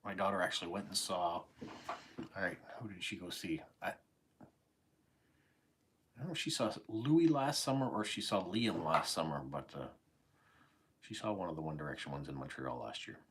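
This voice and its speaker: Background noise sits behind a deep, animated male voice at normal speed, broken by long pauses. The speaker, a Canadian man in his forties with a slight English-tinged accent, hosts a live stream and rambles conversationally through viewer comments with many fillers and asides.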